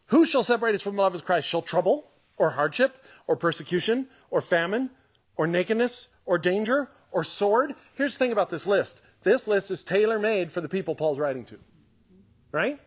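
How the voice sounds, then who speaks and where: A man preaching a podcast sermon in a conversational, emphatic way, repeating his points and laughing often. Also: high-pitched. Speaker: pastor.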